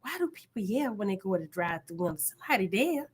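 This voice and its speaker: A middle-aged woman, hosting a casual live-stream chat with her viewers in a loud, animated, chatty way. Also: medium pitch, quick pace, husky. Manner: chatty, loud and animated, with frequent laughs and repeated phrases. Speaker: channel host.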